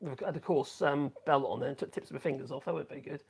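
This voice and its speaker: A man's voice: medium pitch, fast talker, creaky, husky. A man talks casually through a woodworking live stream. He rambles, stops to correct himself, and hums little tunes between thoughts. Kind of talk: casual live-stream chat while working.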